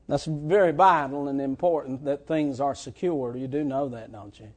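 A man preaching a sermon, swinging between shouted lines and quiet, drawn-out ones. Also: fairly high pitch.

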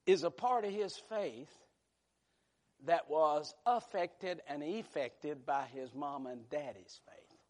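A man preaching a sermon, moving between quiet, hushed storytelling and loud, shouted passages. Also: a little high, slow pace.

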